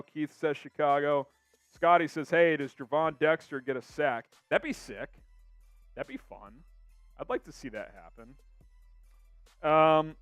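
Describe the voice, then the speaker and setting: A young man chats on his live stream in an upbeat, casual way, reading viewers' comments aloud. His voice sits a little high and comes through smooth, clear and resonant. The sound is dry and close, with faint music behind him. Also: a bit bright, dry recording.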